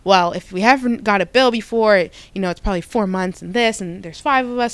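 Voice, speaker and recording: A young woman talks through a personal story in a smooth, clear voice at a middle pitch. She is animated and often restarts or corrects herself mid-sentence. The sound is dry and close, with no room around it. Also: brisk, few pauses, no echo. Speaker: podcast host.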